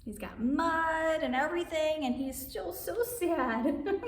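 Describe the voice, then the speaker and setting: With a high voice and an unhurried pace, a woman leads a children's story time, teaching basic sign language and reading aloud in a cheerful, sing-song manner while speaking to the kids as friends. The mic is at a distance, with a roomy echo and faint background noise.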